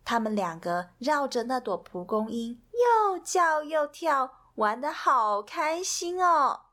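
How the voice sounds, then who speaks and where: A woman reads a children's storybook aloud in a soothing, expressive manner. Her voice sits a little high and moves in lively, wide swings, taken at a slow, careful pace. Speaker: storybook reader.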